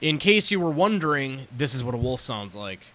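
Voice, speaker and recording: A man narrating a sarcastic, crude comedic review of a movie, with sudden loud outbursts. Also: medium pitch, big pitch swings, moderate pace, very noisy.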